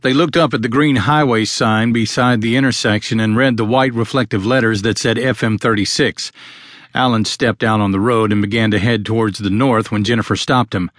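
A man narrating a novel as an audiobook, reading steadily and in a measured way. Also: on the low side, fairly even intonation, fairly bright tone, dry recording, studio quality. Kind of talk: scripted narration.

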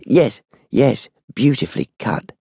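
A ragged beggar speaks with calm, unhurried courtesy and a quiet reverence. A man lifts his voice a little higher to play him. A husky edge stays in the dry, close sound. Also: dry recording, full character voice.

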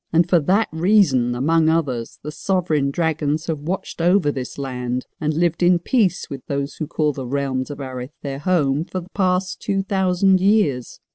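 A woman voicing an old male wizard counselor who explains gravely and solemnly in an audiobook. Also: deep voice, mellow, dry recording, studio quality.

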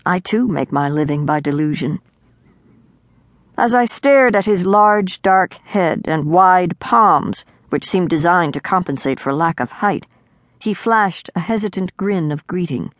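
A woman narrating a novel in the first person, with a measured, wry storytelling delivery. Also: on the low side, expressive, no echo, clean studio sound. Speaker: audiobook narrator.

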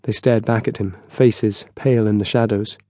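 A man narrating a historical novel in a steady, scripted storytelling style, close on a studio mic. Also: on the low side, normal speed, no room sound. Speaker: audiobook narrator.

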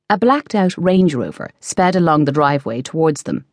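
A woman reading a novel aloud as audiobook narrator, in measured scripted narration. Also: deep voice, expressive, no echo, studio quality. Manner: measured storytelling.

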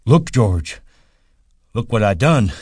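A man voicing a big, slow, childlike man who talks timidly and pleads in simple words, in an audiobook. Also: on the low side, very animated, darkish tone, slightly rough, no echo, clean studio sound, voice pushed up, exaggerated voice. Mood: eager. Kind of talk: audiobook character voice.

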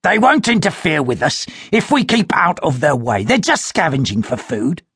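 A man voicing a calmer, pragmatic male Vampanese companion who urges caution in a raised voice. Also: fairly high pitch, normal speed, breathy edge, no room sound, voice pushed up, full character voice. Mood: urgent.

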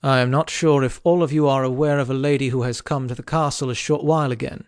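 A man's voice: mid-range voice, steady tone, quick pace, clean tone, no echo, studio quality, natural voice. A man voicing a commanding, earnest king.

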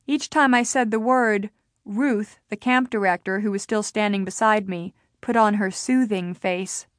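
A woman narrating a novel in the first person, with an even storytelling delivery. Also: medium pitch, moderate pace, no room sound, clean studio sound. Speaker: audiobook narrator.

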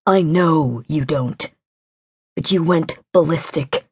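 A woman reading a weary, stern man who speaks in a flat, reproachful tone to his partner. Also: deep voice, slow pace, background noise.

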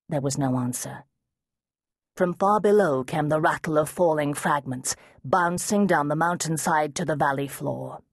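A woman narrating an unabridged fantasy audiobook in a measured, steady way. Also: low-pitched, no room sound, studio quality. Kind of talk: scripted narration.

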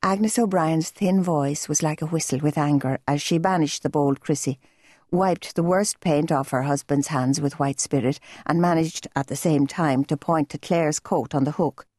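A woman reading a novel aloud as an audiobook narrator, in a measured, gentle storytelling manner. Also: sits low, no room sound, clean studio sound. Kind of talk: scripted narration.

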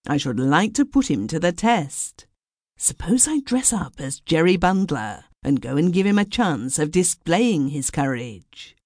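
A woman reads as a boastful young amateur actor in a storybook tale. He talks eagerly and sharply with lively pitch, recorded close and dry. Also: measured pace, dry recording, exaggerated voice. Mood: scornful.

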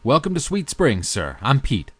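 A man's voice: mid-range voice, huge pitch swings, moderate pace, fairly bright tone, slightly rough, no room sound, pitched above the performer's own voice, exaggerated voice. A male audiobook narrator voicing a cheerful, polite male coach driver in a lifted, deferential tone.

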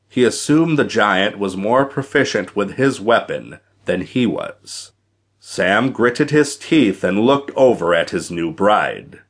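Guy narrating an audiobook, low voice, lots of ups and downs. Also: fairly bright tone. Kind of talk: scripted narration.

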